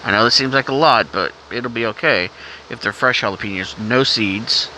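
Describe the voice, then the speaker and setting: A man's voice: medium pitch, moderate pace, bright, forceful tone. Coughing man rambling bluntly, noisy background. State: has a cough. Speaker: vlogger. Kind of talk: rambling casual monologue.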